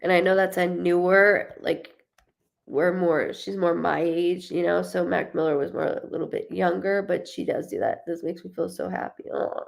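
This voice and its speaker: A woman's voice: lowish voice, normal speed, vocal fry. A young woman giving a live reading as a medium, chatting casually and laughing often as she passes on what she hears. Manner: chatty, animated, laughs often, quotes the spirit in a lively voice.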